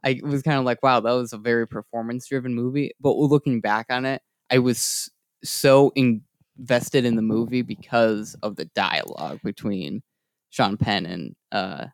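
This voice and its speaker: A man's voice: mid-range voice, normal speed, vocal fry, dry recording, studio quality. A man co-hosting a casual film discussion, easygoing, often saying "like" and "kinda". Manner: easygoing, says "like" and "kinda" a lot. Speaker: podcast co-host.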